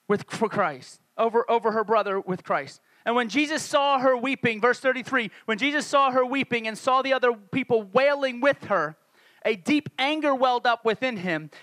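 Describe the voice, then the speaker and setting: A man's voice: very high voice, normal speed, fairly bright tone, dry recording. A male pastor preaching a conversational sermon, acting out the voices of the people he quotes.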